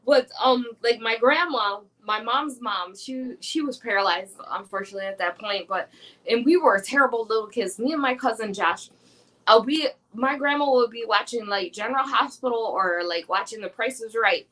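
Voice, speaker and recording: Chatty, higher-voiced woman in her forties. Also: moderate pace. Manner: chatty, animated storyteller, many "like" fillers. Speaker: guest. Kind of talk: casual chat.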